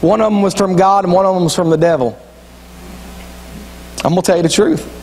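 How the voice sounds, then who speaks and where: Preacher guy, pretty high voice, repeats himself, big church echo. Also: fairly quick, a little mellow, slight background noise. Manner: folksy storytelling preacher, repeats phrases, drops into quoted voices. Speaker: pastor. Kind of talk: sermon. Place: church sanctuary. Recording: long church reverb.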